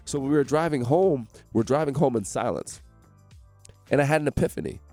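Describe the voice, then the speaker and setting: A man from New Jersey, a guest in a radio studio, telling his story with animated energy and acting out the voices of the people in it. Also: mid-range voice, brisk, no echo, faint music behind. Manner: animated, acts out quoted voices.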